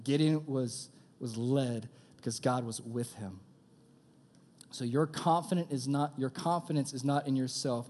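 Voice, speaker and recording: A young man preaching a sermon in a casual, energetic style, calling out to his audience. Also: medium pitch, moderate pace. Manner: energetic, conversational preaching with audience call-outs. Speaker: youth pastor.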